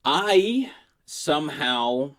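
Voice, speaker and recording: A middle-aged man from Pittsburgh riffs through a comic monologue. He speaks without a regional accent. His delivery is crude and rambling, and he is quick to poke fun at himself. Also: on the high side, sing-song, a bit bright. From Pittsburgh, USA. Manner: crude, rambling, self-mocking. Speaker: comedian vlogger. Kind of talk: comedic monologue.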